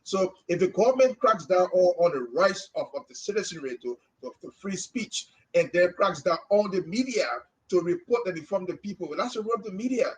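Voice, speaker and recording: A man's voice: sits high, expressive, brisk, few pauses, low-quality recording. A man from Liberia, a former journalist co-hosting a podcast, giving an impassioned opinion and repeating words as he presses his points. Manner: emphatic, repeats words when stressing a point. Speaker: podcast co-host.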